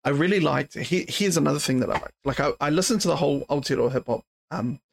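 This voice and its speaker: Slightly high and gravelly, his voice moves fast. The tired podcast host yawns his way through a late-night solo chat, rambling casually, swearing and leaning on fillers.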